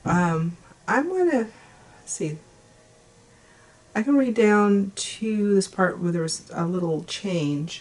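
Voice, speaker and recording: A woman author, hoarse from a cold, casually explaining how she revises her writing, with a rambling delivery full of ums and uhs. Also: medium pitch, expressive, slow, pauses often, darkish tone. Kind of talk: casual explanatory video talk.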